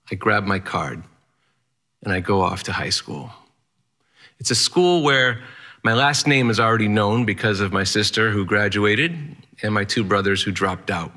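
Male storyteller with a lowish, bright, forceful voice, delivering a punchy first-person tale. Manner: vivid present-tense narration with rhythmic, punchy phrasing.

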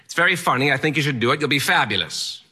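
A man voicing an eccentric old male Latin teacher with an odd, theatrical accent, gruff but kind. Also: on the high side, lively intonation, fast, sharp tone, voice pushed up, exaggerated voice. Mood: encouraging.

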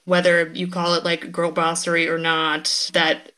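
A woman's voice: lowish voice, monotone, a little slow, pushed and bright. A woman guest writer on a podcast, speaking in a thoughtful, analytical way with casual fillers.

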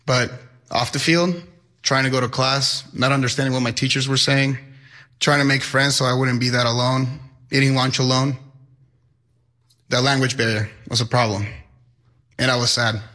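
Bright-voiced young man. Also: medium pitch, little pitch movement, normal speed, pauses often. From Mexico. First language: Spanish. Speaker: high school Spanish teacher. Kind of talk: personal storytelling.

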